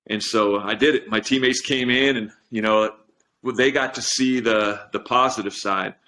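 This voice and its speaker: A man's voice: mid-range voice, steady tone, moderate pace, pushed and bright. A middle-aged man, a strength coach, telling personal stories in a casual interview and turning emotional about them. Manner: earnest storytelling, gets emotional. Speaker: podcast guest, strength coach.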